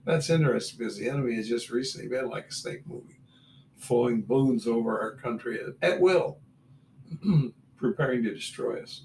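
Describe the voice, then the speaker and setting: A man's voice: mid-range voice, normal speed, a little mellow. A man works through scripture verse by verse, breaking off for short blunt asides. He sits back from the microphone in a roomy, echoing space with a faint hum of noise behind him. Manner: reads verses then adds blunt asides. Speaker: Bible teacher. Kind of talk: verse-by-verse Bible reading with commentary. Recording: roomy, distant mic with faint room noise.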